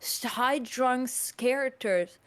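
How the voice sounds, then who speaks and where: Woman, fairly high voice, animated, rambling, casual podcast chat. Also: slow pace. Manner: animated, rambling, heavy use of "like".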